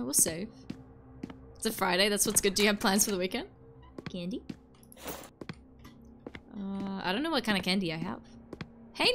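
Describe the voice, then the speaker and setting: A woman's voice: medium pitch, noisy background. A woman chatting casually on a live stream while playing a game, joking and greeting her chat between yawns.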